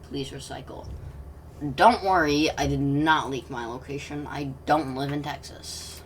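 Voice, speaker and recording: A woman giving casual, rambling gameplay commentary, often interrupting herself and dropping into soft mutters. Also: sits low, steady tone, a little slow, distant mic, a little hiss or hum. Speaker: gaming commentator.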